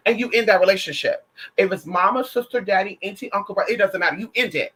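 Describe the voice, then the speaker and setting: A woman's voice: mid-range voice, lively intonation, fast, a bit bright, slightly rough, poor audio. A trans woman delivering a casual opinion monologue to her viewers, sassy and emphatic, with heavy profanity and pet names like honey and girl. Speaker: vlogger.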